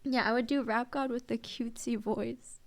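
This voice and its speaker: A fairly high-voiced woman chatting casually on a reaction stream. She is excitable and exclamatory, and she mixes Japanese phrases into her English chatter.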